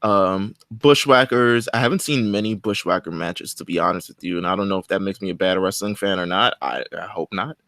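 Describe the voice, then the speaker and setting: A man's voice: low voice, fairly quick, few pauses, fairly bright tone, no room sound, clean studio sound. A young man co-hosting a casual podcast chat about old wrestling shows, rambling and joking as he talks. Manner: rambling, joking, restarts often. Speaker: podcast co-host.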